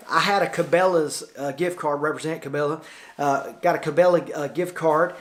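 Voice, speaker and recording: A man's voice: a little high, steady tone, normal speed, a bit bright. A middle-aged man with a Tennessee Southern accent talks through his photography studio in a loose, chatty vlog, recorded indoors in the studio lounge on a camera-mounted shotgun mic. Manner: folksy, chatty, loose with many fillers. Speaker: photographer vlogger. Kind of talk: casual rambling vlog talk.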